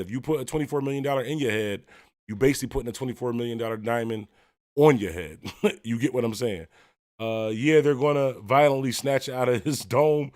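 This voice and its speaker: Fast-talking man hosting a casual livestream. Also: mid-range voice, no echo, clean studio sound. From Buffalo, New York. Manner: rambling and conversational, full of fillers and shout-outs. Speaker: host of a music talk livestream. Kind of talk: casual livestream chat, reading viewer comments.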